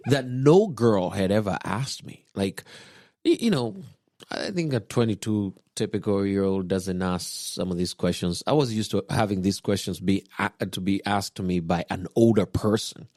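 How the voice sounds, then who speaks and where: Man, very low pitch, dry studio sound; relaxed podcast guest who tells stories with frequent chuckles. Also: normal speed, dry recording. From Kenya. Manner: relaxed storyteller, chuckling often, quoting others. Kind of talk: personal storytelling in casual chat.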